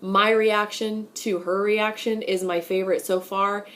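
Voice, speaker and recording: A woman's voice: mid-range voice, little pitch movement, measured pace. A woman in her thirties talking in a chatty, effusive way into her phone from a car, as a vlogger. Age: 30s. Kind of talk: casual vlog talk to camera.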